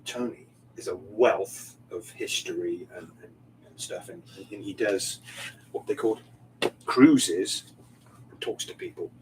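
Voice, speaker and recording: A man, a barber hosting a livestream, chatting in an animated, excitable way, laughing often and swearing casually. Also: low voice, slow pace. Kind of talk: casual chat. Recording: distant mic with faint background noise.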